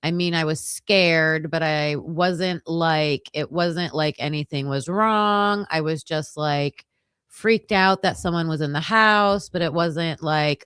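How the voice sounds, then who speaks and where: A woman's voice: low-pitched, expressive, slow, fairly bright tone, smooth, no room sound, studio quality. A woman hosting a casual true-crime livestream, reading case documents aloud and thinking aloud as she skims pages, with hesitant restarts.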